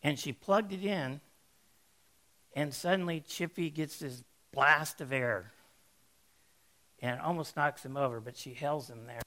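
A man preaching, telling a folksy, animated story to make a sermon point. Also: on the high side, a little slow, pauses often.

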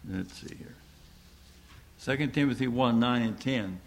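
A man's voice: medium pitch, a little slow. Earnest male preacher, repeats key lines. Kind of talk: sermon to a congregation.

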